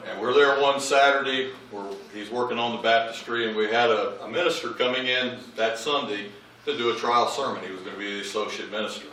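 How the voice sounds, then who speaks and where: A man's voice: mid-range voice, fairly quick, a little hiss or hum. A man giving a humorous eulogy for his father, telling family anecdotes and acting out what people said. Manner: animated comic anecdotes, acting out quoted lines. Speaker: eulogist, child of the deceased. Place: large memorial service hall. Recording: echoey hall, voice far from mic.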